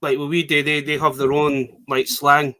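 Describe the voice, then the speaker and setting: A man's voice: on the high side, level tone, normal speed, over a noisy crowd. A Scottish man chatting as a guest on an online show, easygoing and laughing as he explains. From Scotland. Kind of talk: casual chat.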